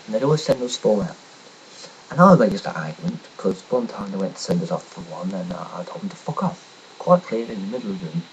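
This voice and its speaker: A man's voice: medium pitch, darkish tone, a little hiss or hum, poor audio. A young man from England, telling a story in a blunt, sarcastic, swearing rant. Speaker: vlogger telling a personal story. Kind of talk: casual ranting monologue.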